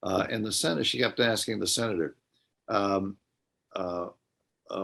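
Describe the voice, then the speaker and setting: An older man speaking as an interview guest, hesitant and full of filler pauses. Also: on the low side, vocal fry, sharp tone. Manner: hesitant, many filler pauses while recounting. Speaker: guest, dementia advocate. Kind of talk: radio interview talk.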